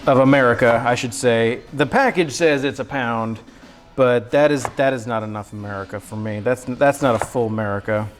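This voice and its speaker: A man's voice: mid-range voice, moderate pace, faint music behind, poor audio. A man hosting a cooking livestream from his home kitchen, chatting to viewers in an upbeat, slangy, self-deprecating way. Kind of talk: casual livestream chat while cooking.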